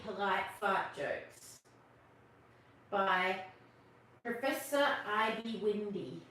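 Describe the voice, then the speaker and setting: A woman's voice: mid-range voice, slow pace, pauses often, fairly bright tone. A woman hosting a live story time, reading a picture book aloud and amused by its jokes. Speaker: storytelling host. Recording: echoey room, far from the mic.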